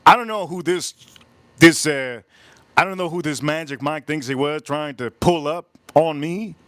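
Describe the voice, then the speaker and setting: A man hosting a livestream, telling a story in an animated, emphatic way and repeating phrases for effect. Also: fairly high pitch, no room sound. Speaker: livestream host. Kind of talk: live-stream storytelling chat.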